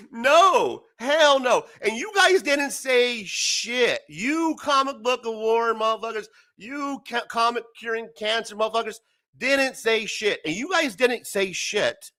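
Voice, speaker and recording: Male host, high bright voice, swings up and down a lot, profane heated rant. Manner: profane, heated, laughs often. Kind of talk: ranting live-stream talk.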